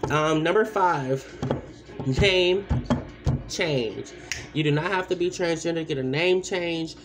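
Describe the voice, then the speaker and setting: A woman's voice: sits low, takes it slowly, noisy background. A woman giving blunt, rambling advice in a casual vlog, full of asides and repeated points. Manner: repeats points with many fillers.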